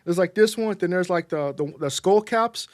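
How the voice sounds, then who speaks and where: A man's voice: high-pitched, normal speed, darkish tone, no echo, clean studio sound. A man from Texas chatting casually on a livestream, rambling with many fillers and repeated words.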